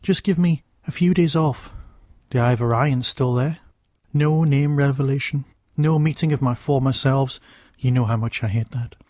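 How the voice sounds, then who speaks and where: A man's voice: mid-range voice, moderate pace, dark tone, no room sound, clean studio sound, close to an everyday voice. A man doing a pleading alien time traveller. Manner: earnest, pleading.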